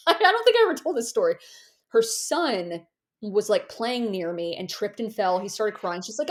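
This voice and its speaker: A young adult woman appears as a podcast guest; she's an author and ex-Jehovah's Witness activist. In a mid-range voice that runs a little fast, she tells a story with energy, laughing at herself and acting out the voices of the people in it during this casual interview.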